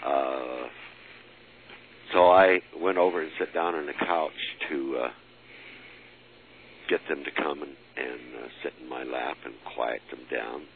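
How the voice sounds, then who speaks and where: A man with a very deep, gravelly voice recounts a personal story for an interviewer. He talks haltingly, with fillers and restarts and the odd chuckle. The recording is thin and phone-like, with a light hiss. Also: steady tone.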